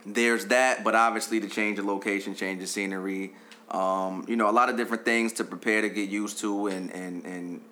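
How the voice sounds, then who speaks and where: A man, a guest on a podcast, talking in a relaxed, slangy way. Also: lowish voice, moderate pace. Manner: laid-back, slangy, with "you know what I'm saying". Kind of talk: casual podcast chat.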